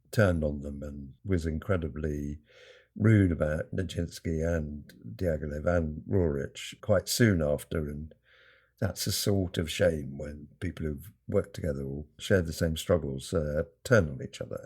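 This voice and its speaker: Deep husky man telling a story. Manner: animated, acts out quoted lines with mock indignation. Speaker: podcast guest. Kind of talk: conversational storytelling.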